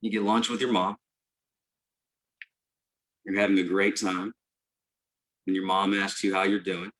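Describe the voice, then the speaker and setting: A man with a bright, forward voice delivers a stand-up set at a live venue. He tells his story in a deadpan way, then jumps up into sudden high-pitched cheering. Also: a little slow, poor audio. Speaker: stand-up comedian.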